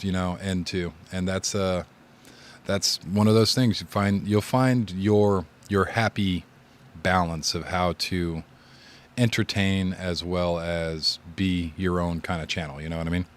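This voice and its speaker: A man who streams games, giving casual advice in a rambling, laid-back way and often repeating his words. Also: low voice. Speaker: gaming streamer.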